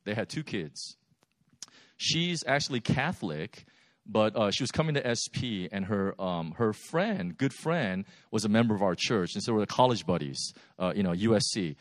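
A man preaching a sermon, telling stories in a lively, animated way with laughs. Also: lowish voice, normal speed, no echo, clean studio sound. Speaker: pastor. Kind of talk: sermon storytelling.

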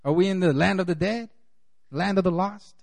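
A man's voice: sits high, moderate pace, creaky, darkish tone. A man preaching a sermon as pastor, in a conversational way full of "you know", acting out the voices he quotes.

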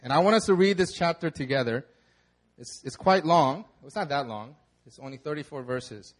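Young guy pastor, high voice, chatty sermon, does silly voices for the crowd. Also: animated, moderate pace. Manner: casual storytelling, acts out the crowd in dramatic voices. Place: church hall.

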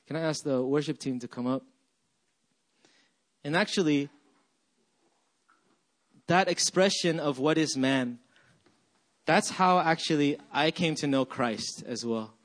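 A man preaching a sermon, telling his own story and slowing down to stress key words. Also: fairly high pitch. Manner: personal testimony, slow emphatic repetitions. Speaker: pastor.

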